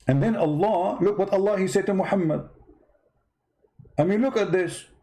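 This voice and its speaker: A man's voice: sits high, normal speed, mellow. A man from the Middle East hosting comic religious commentary in a sarcastic, mock-dramatic way. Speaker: host.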